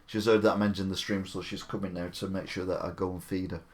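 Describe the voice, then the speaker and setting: Rambling man, lowish voice. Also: little pitch movement, fast talker, darkish tone. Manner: chatty, opinionated, rambling asides. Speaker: live-stream host. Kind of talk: casual live-stream commentary.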